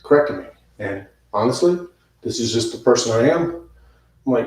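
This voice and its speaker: A man's voice: mid-range voice, expressive, moderate pace, a little mellow. A man teaching yoga, talking to the camera in an unscripted, rambling way, correcting himself as he goes and dropping in casual slang. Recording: very echoey room, voice from a distance.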